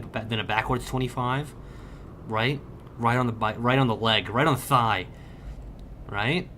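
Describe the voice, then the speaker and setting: A young man livestreaming a game, bantering loudly and profanely with his chat and joking around. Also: medium pitch, background noise. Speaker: streamer. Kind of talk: casual livestream chat while gaming.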